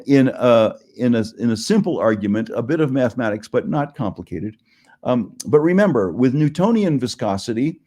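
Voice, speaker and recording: A man giving an academic lecture over slides, measured and explanatory, often repeating a phrase for emphasis. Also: medium pitch, warm tone. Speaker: guest lecturer in geoscience.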